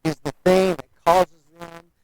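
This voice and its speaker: A man's voice: on the high side, fairly even intonation, measured pace, low-quality recording. A man preaching a sermon in a folksy, conversational way, often asking the listeners rhetorical questions.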